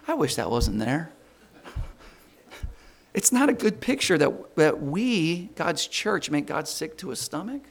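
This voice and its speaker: A middle-aged man preaching a conversational sermon, stumbling over repeated words and rising loud and slow when he reads scripture. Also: a little high, very animated, creaky.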